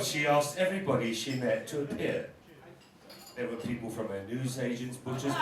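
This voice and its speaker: A camp, bawdy man works the room as a drag queen comedian, teasing his way through a roast. His voice sits mid-range and bounces around a very echoey venue, a little far from the mic. A laughing crowd fills the space behind him. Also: mid-range voice. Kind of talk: stand-up roast. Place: live pub venue stage.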